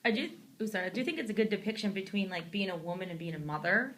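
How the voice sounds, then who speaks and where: A young woman interviewer sharing her view in casual chat, earnest and quick to giggle. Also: medium pitch, expressive, fairly bright tone, a little hiss or hum.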